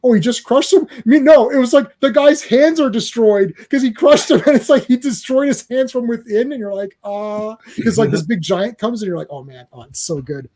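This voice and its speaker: A man hosting a comics podcast in casual chat, excitable and full of stammering restarts. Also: extremely high pitch, fairly quick, hardly any pauses. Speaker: podcast host.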